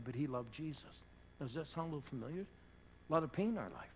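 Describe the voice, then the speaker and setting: A man preaching a sermon as pastor, telling an earnest story that sinks to hushed tones at its emotional moments. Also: on the high side, lively intonation, quick pace, a little hiss or hum, poor audio. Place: church.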